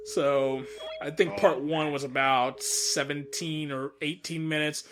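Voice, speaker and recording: Man for a loose commentary read: a slightly high voice, rambling and stammering, with frequent laughs. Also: steady tone, a little slow. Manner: rambling, stammers and repeats words; laughs often between remarks. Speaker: fan dub director giving commentary. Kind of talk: casual audio commentary.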